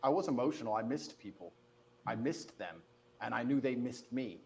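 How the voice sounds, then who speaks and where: A man's voice: mid-range voice, expressive, creaky, darkish tone, a little hiss or hum. A man in his thirties answering interview questions in an assertive, defiant way. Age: 30s. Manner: assertive, defiant, quick-talking. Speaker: interview guest.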